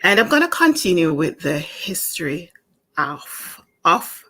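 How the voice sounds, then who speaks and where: A woman from Jamaica teaching a spoken language lesson in a calm, explanatory way, with small restarts. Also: on the low side, measured pace.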